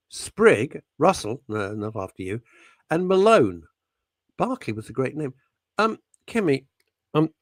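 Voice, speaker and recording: In a radio studio, a male talk radio host with a medium-pitched voice rambles and cracks jokes while going through listener messages. The recording is dry.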